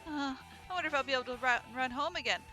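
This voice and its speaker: A woman's voice: sits high, very fast, music in the background. A woman hosting a let's-play, reading a visual novel aloud in a chatty, playful way.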